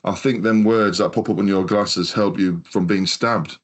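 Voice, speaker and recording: A man's voice: low voice, steady tone, normal speed. A man from the UK hosting a casual podcast chat, telling stories in a rambling way and swearing often. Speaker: podcast host.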